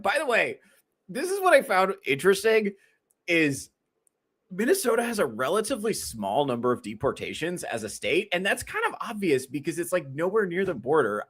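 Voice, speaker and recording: A male comedian hosting his own podcast, talking alone in a rambling, profane and exasperated way, full of fillers. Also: on the high side. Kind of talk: solo podcast monologue.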